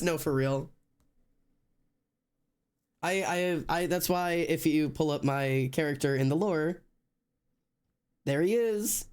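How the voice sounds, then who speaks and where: A young man with a higher, somewhat dark voice speaks unhurriedly, pausing often, and the sound is clean. He's live streaming from home, chatting casually with viewers and rambling through plenty of fillers and restarts.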